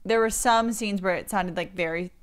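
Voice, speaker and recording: A woman's voice: medium pitch, moderate pace, smooth. A woman co-hosting a casual film discussion panel, talking animatedly with a lot of "like.".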